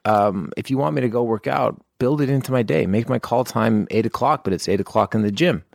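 A man chatting casually as a podcast guest, talking about acting work in a relaxed, rambling way and laughing easily. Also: medium pitch, fairly quick, vocal fry, no room sound, clean studio sound. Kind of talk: casual chat.

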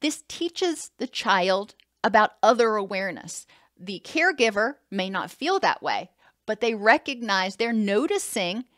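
A woman's voice: on the high side, animated, unhurried, a bit bright, no room sound, studio quality. A woman giving an educational talk on child attachment, explaining steadily and acting out what a caregiver might say. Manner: explanatory, acts out caregiver quotes, some restarts.

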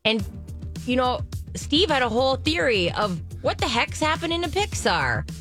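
A woman co-hosting a radio show, chatting casually and teasing her co-host with playful, animated storytelling. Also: sits high, moderate pace, faint music behind.

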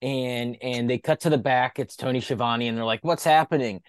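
A man co-hosting a casual comedic wrestling podcast, telling a joke scenario with animated storytelling and acting out quoted lines. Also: mid-range voice, normal speed, clear, resonant tone, dry recording, clean studio sound. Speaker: podcast co-host.

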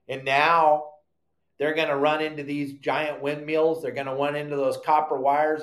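An older man talks through his live fishing show with heated emphasis, leaning on repeated words. His voice sits a little high. The room rings with echo. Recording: echoey room.

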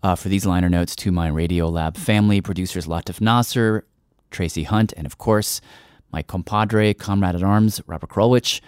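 A man's voice: low-pitched, normal speed, a little mellow, clear, resonant tone, dry recording, studio quality. A man hosting a radio documentary in a thoughtful, loose way, with ums and restarts. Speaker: podcast host.

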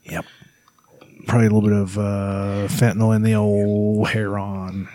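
A man's voice: lowish voice, flat delivery, normal speed, mellow, dry recording. A man co-hosting a podcast in casual, profane, rambling chat. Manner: laid-back, profane, rambling. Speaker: podcast co-host.

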